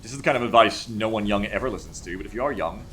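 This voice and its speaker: A man's voice: lowish voice, racing, fairly bright tone. A man streaming live and chatting casually. He reads chat aloud, rambles, and swears freely.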